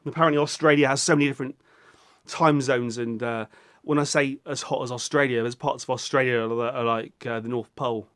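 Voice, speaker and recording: A man's voice: medium pitch, steady tone, fairly quick, a bit bright, clean tone. A man, rambling through a casual vlog in a goofy way, swearing often and breaking into silly voices. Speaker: vlogger.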